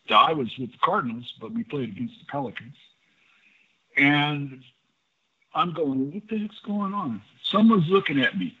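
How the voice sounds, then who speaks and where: An older man and former pitcher, a guest in an interview, telling anecdotes in a lively way and acting out the dialogue. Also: husky. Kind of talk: storytelling in a casual interview. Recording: dull lo-fi audio.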